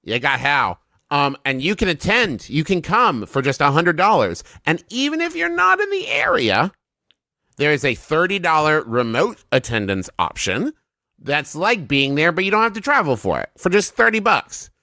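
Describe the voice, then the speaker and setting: Male comedy podcast co-host, dry close sound, lively rambling delivery. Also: a little high, moderate pace, dry recording. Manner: eager, rambling show plugs. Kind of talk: casual comedy podcast banter.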